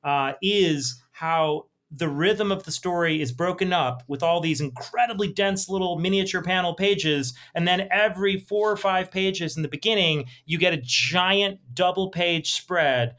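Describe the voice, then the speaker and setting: Bright-voiced man, an enthusiastic podcast co-host. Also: high voice, measured pace, hardly any pauses. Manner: enthusiastic, retelling scenes in vivid detail. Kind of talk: casual chat.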